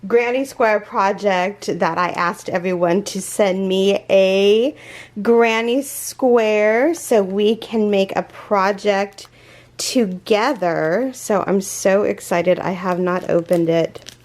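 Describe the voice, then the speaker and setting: On her crochet channel, a woman chats her way through a casual unboxing vlog, gushing excitedly and rambling with fillers and restarts. Her voice is mid-range and she speaks slowly.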